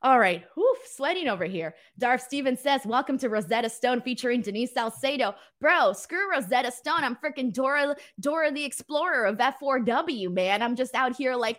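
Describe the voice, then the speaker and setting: A woman's voice: high voice, normal speed, few pauses. A woman hosting a casual wrestling live stream, reading viewer messages with lots of laughter, joking and offhand swearing. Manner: laughs often, swears casually, animated and playful. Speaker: wrestling show host.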